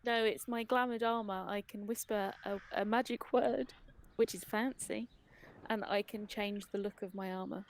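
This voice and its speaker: A woman taking part in a tabletop game as a player. She explains what her character does plainly and without fuss. Her voice sits at a medium pitch. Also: fairly even intonation, normal speed, a little hiss or hum.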